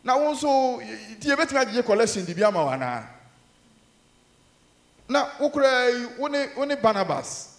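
A man with a Ghanaian accent preaching a sermon in a church, mixing Twi and English, emphatic with loud rises and low murmurs. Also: big pitch swings, brisk, pauses often, reverberant.

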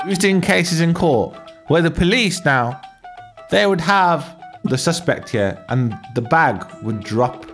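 A man hosting a comic radio show, telling slangy, animated stories. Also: mid-range voice. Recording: music playing underneath.

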